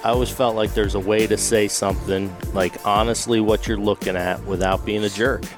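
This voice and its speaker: A man talking as a podcast guest, measured and thoughtful as he explains. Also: fairly low pitch, fairly even intonation, over music. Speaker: guest, baseball manager. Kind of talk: casual interview talk.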